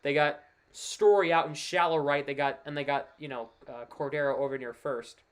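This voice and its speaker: A man's voice: a little high, moderate pace, smooth. Chatty man calling baseball play-by-play. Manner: chatty, excitable over big plays, with filler asides. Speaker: play-by-play streamer. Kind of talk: casual live play-by-play commentary.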